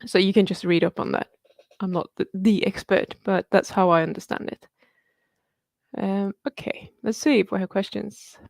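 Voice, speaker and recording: A woman in her thirties chats her way through viewer questions on a live stream, upbeat, quick to laugh and casually profane. Her mid-pitched voice carries a gravelly, fry-tinged edge. The sound is close and dry, with no room around it. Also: steady tone, darkish tone, no echo. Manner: chatty and upbeat, laughs often, swears casually. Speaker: livestream host answering viewer questions.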